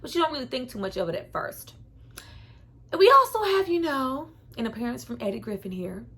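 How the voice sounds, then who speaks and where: Animated, slangy woman reviewing a film. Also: a little high, quick pace, breathy edge. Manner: animated, slangy, laughing between remarks. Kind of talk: casual film review vlog.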